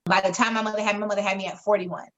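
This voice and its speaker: A woman, co-hosting a podcast and telling a candid story in a frank, expressive way, swearing freely and acting out the voices she quotes. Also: mid-range voice, racing, low-quality recording. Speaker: podcast co-host.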